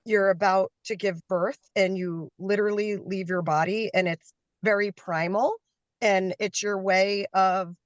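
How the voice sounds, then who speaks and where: A woman guest telling a story candidly, her voice raspy from a cold, speaking from a parked car on a video call. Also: mid-range voice, dry recording. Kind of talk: casual chat. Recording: dry, dull lo-fi call audio.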